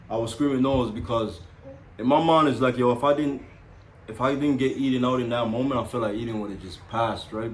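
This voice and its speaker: A young man telling the story of his child's birth in a casual chat, animated and laughing, often calling the listener "bro". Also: medium pitch, echoey room, slight background noise.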